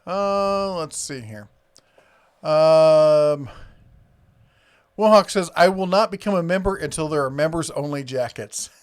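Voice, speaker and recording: A man's voice: a little high, unhurried, pauses often, clean tone. A man with an Iowa accent hosting a live stream, rambling casually, reading viewer comments aloud with many fillers.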